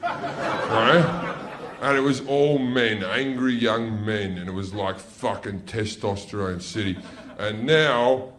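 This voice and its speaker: This middle-aged comic works a comedy club crowd with a brash, foul-mouthed set punctuated by abrupt yelling. He speaks slowly in a lowish voice.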